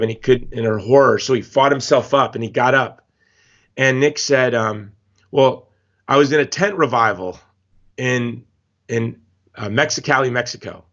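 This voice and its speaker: A man from Hawaii, a guest in a casual interview, talking in an emphatic, animated storytelling way. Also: medium pitch. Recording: slightly dull lo-fi audio.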